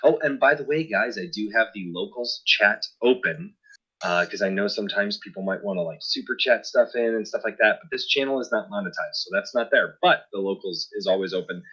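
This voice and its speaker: A man's voice: on the low side, brisk, bright, forceful tone, husky, muffled recording. A man hosting a tabletop game stream, chatting casually between sessions, apologetic and rambling with plenty of fillers. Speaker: host.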